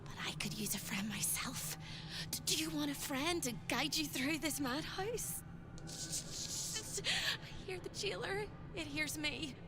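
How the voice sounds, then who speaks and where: A woman's voice: sits high, lively intonation, unhurried. An actress voicing a fragile, haunted spirit woman held captive, whispery and pleading, in a video game. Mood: urgent. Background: game music.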